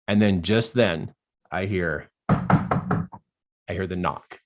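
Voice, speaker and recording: This deep-voiced man speaks slowly, leaving long pauses, as he tells an earnest personal story in a live coaching talk. He quiets to a near-whisper at the dark moments and grows lively at others.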